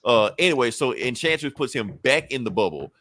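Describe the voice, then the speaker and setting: A man co-hosting a podcast, casually recapping a comic with animated, profane retellings. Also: mid-range voice, fairly quick. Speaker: podcast co-host.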